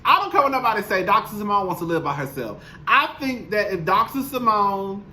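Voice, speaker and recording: A young man delivers a casual recap straight to camera, sassy, blunt and freely profane. His voice sits a little high and sounds bright and forceful, with a faint hiss of room noise underneath. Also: big pitch swings, a little fast, rough recording. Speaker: show recap commentator. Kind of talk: casual reality-TV recap monologue. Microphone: camera mic, speaking to camera.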